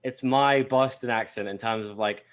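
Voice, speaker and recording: A man's voice: mid-range voice, fairly even intonation, moderate pace. A man co-hosting a podcast talks in loose, rambling casual chat. He piles on filler words and swears freely. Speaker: podcast co-host.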